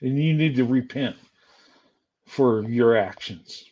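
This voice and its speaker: A man's voice: mid-range voice, slow pace, mellow, lo-fi sound. Angry older man ranting on a stream. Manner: angry, insulting, taunting. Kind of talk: heated livestream rant.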